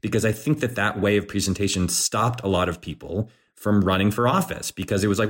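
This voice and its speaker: A man's voice: sits low, fairly quick, few pauses. A man co-hosting a podcast, giving casual political commentary in an earnest, conversational way with playful quoted asides. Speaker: podcast co-host.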